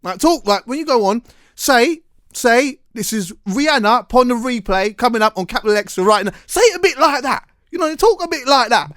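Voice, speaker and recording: A man's voice: very high voice, animated, a little fast, a bit bright, no echo, studio quality, voice pushed up. A man voicing a pushy male radio boss who coaches him in a hyped, sing-song DJ voice. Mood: coaching.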